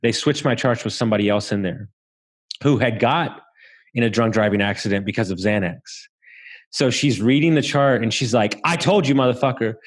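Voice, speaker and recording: A man from Southeast Texas tells his story in a low, relaxed register. He swears freely and chuckles along the way, with the easy tone of a podcast guest. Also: moderate pace. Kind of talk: casual storytelling.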